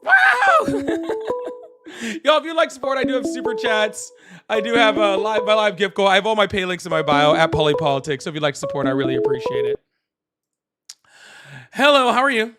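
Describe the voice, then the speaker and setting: A man hosting a live call-in political stream, animated, laughing often and thanking viewers. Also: high-pitched, fast talker, loud music behind the voice. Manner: apologetic, excitable. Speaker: livestream host.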